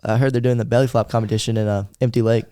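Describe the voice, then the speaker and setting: A man's voice: mid-range voice, level tone, rapid-fire, mellow, smooth, no room sound, clean studio sound. A teenage boy co-hosting a student podcast, who teases the guest in a playful way. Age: teens. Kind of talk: casual chat.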